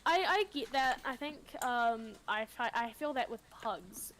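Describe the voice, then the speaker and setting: A young woman chats loosely on a gaming stream, joking and rambling. Her voice sits high, with a faint hiss of background noise. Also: unhurried, a bit bright. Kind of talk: casual gaming stream chat.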